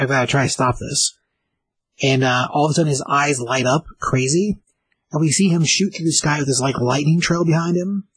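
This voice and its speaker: A man's voice: fairly high pitch, slightly rough, no room sound, poor audio. A man casually recapping and reviewing a comic book issue, rambling with many fillers. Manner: rambling, filler-heavy retelling.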